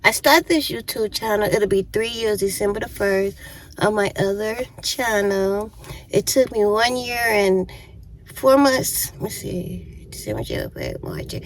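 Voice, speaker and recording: A woman's voice: medium pitch, normal speed, a little hiss or hum, poor audio. A woman in her fifties casually telling a storytime on her vlog, chatty and often laughing while eating. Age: 50s. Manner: eating while talking to viewers. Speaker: YouTuber.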